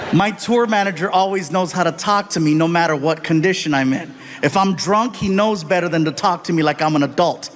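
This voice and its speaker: A man doing stand-up storytelling, animated and acting out other people's voices. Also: a little high, brisk, hardly any pauses, a little hiss or hum. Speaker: stand-up comedian.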